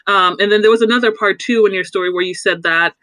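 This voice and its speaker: Male co-host, high bright voice, emphatic and earnest. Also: fairly even intonation, fast, no room sound, low-quality recording. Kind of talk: casual conversation.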